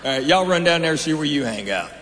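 Fast-talking and animated, a middle-aged man with a fairly high, slightly bright voice does stand-up in a large hall. He tells dry, conversational stories and addresses the crowd in asides. The recording has roomy reverb and a faint hiss of noise.

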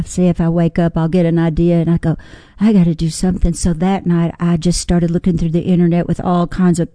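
An older woman, a singer-songwriter, telling lively personal stories in an interview, acting out what others said. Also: fairly low pitch, dry recording. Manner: animated, folksy storyteller acting out quotes. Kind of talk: storytelling interview.

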